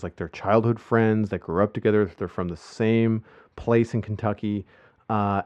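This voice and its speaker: A man talks through a casual podcast chat in a lower-pitched voice, wandering from thought to thought and restarting his sentences often. The recording sounds dull and lo-fi, as if the highs were cut off. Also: dry recording. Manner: rambling, with many restarts and fillers. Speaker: podcast host. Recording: muffled lo-fi podcast audio.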